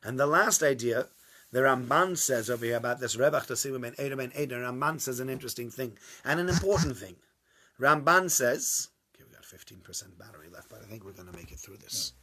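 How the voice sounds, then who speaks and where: A man giving an informal Torah class to a small group, acting out the dialogue and swinging from loud bursts to hushed asides. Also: medium pitch, lively intonation, quick pace. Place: small warm room with a few listeners.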